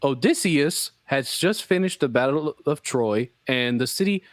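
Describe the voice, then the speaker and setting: A man's voice: mid-range voice, lively intonation, unhurried, dry recording, studio quality. A young man co-hosting a casual live stream, joking and slangy with lots of "like" fillers. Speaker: co-host.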